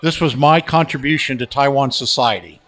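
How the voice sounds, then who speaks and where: An older man spins stories from his years in radio, unhurried and anecdotal, circling back over his words as he goes. He speaks as a guest in a casual interview, at an everyday pitch. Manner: relaxed anecdotal, frequent restarts.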